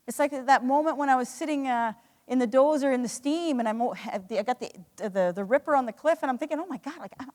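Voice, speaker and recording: A woman giving an earnest, emotional motivational talk to a live audience, telling her story with many restarts. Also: high-pitched. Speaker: speaker. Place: hall. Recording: echoey hall.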